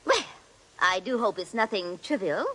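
A woman's voice: medium pitch, expressive, moderate pace, fairly bright tone, slightly rough. An actress playing a jealous, condescending English society lady in a 1940s radio drama. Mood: haughty. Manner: cutting and condescending.

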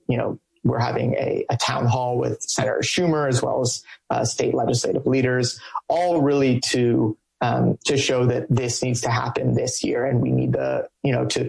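A man speaking as a coalition organizer in an interview. His voice is gravelly and a little husky, and he stays in a flat, even tone. He talks in halting bursts, full of ums and restarts. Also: mid-range voice, low-quality recording. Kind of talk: interview answers.

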